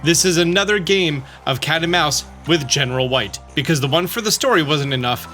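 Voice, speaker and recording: Bright-voiced man narrating a game walkthrough. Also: fairly high pitch, a little fast. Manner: chatty, reads game dialogue aloud in his own voice. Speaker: let's play host. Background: faint game music.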